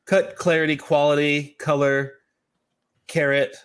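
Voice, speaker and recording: A man co-hosting a morning show, reading out odd news items and chatting, halting with many restarts. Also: fairly high pitch, level tone, fairly bright tone, clean tone. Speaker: radio show co-host. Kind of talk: casual morning show banter.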